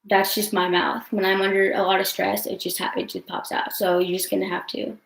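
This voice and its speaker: A woman's voice: medium pitch, flat delivery, brisk, gravelly. A young woman venting on a livestream, rambling and swearing a lot with many fillers, upset and tearful. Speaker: vlogger answering live chat. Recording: roomy echo.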